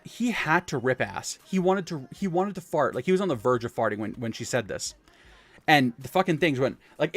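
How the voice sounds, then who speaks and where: A young man tells rambling, profane childhood stories on a casual live stream, often correcting himself. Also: a little high. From Canada.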